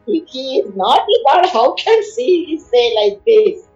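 A woman's voice: high voice, very animated, a little slow, darkish tone, reverberant, muffled recording, soft background music. A woman retelling an epic story in conversation, explaining each verse and acting out the figures' words. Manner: explains verses line by line, acts out figures' pleas.

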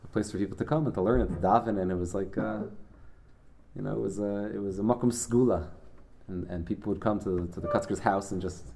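A man with a low, dark voice gives a Torah class, retelling a Hasidic story. He speaks conversationally, with frequent restarts and Yiddish and Hebrew words woven through his sentences. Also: steady tone, fast, gravelly, a little hiss or hum. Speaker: Torah teacher.

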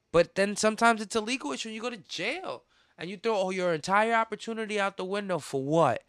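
A bright, high-pitched man holds forth on his podcast. He rants in a heated, profane, repetitive way and bursts out loudly now and then. His voice sits close and dry on the mic. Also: expressive, quick pace, dry recording. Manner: heated, profane, repetitive ranting with sudden loud outbursts. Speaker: podcast host. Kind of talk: casual podcast rant.

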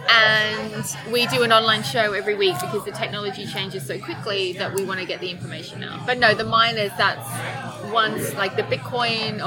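A woman's voice: medium pitch, rough recording. A woman with an English accent, a documentary filmmaker chatting enthusiastically as a guest in an interview. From England. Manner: enthusiastic, laughs easily. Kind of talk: casual interview chat.

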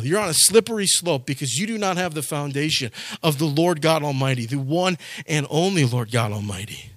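Guy preaching a sermon, kinda high voice, gets urgent and pleading, dry sound no room. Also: animated, a little fast, few pauses, no echo. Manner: earnest, rising to urgent exhortation. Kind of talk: sermon with scripture reading.

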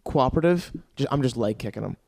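Lively, joking man with a swinging pitch. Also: fast talker, vocal fry, dry recording, studio quality. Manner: joking, crude, lively banter. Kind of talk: casual podcast chat.

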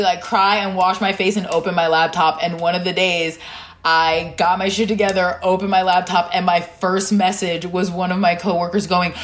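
A woman from Florida, a podcast guest, telling stories in casual chat. She swears freely and laughs often. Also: fairly low pitch.

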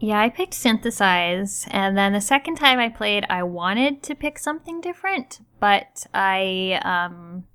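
A woman chatting casually in a relaxed, slightly sheepish way. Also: medium pitch, a little slow, hardly any pauses, clear, resonant tone. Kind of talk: casual chat.

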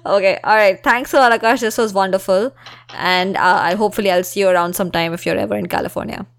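A woman's voice: mid-range voice, fairly even intonation, quick pace, gravelly. A woman hosting a podcast, chatting with a guest and then reading her upbeat sign-off. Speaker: podcast host. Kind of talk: casual interview and podcast outro.

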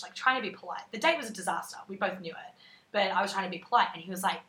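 A woman, telling a dating story in casual chat, animated and swearing freely. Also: mid-range voice, very fast. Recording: roomy echo.

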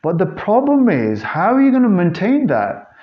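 A man's voice: high-pitched, huge pitch swings, moderate pace, muffled recording. A man hosting a solo fitness podcast, talking casually and earnestly to his listeners with a rambling delivery full of restarts and fillers. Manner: earnest, addresses listeners as guys. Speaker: fitness trainer and podcast host.

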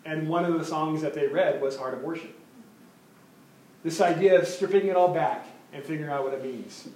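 A man preaching a sermon as pastor, animated, often repeating words as he builds his point. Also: on the high side, normal speed, reverberant, rough recording.

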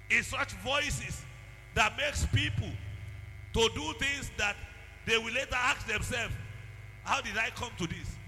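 A male pastor with a high, piercing voice preaches and breaks into shouted prayer and tongues. His voice rings in a long, echoing hall, with music playing underneath.

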